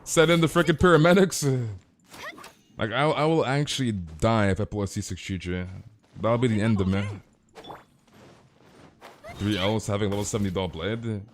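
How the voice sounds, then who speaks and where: A young man streaming a game live, chatting casually with viewers and telling animated, exaggerated stories. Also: fairly low pitch, normal speed, long pauses, a little hiss or hum. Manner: casual, animated, reads chat aloud, exaggerates. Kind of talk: live stream chat while playing.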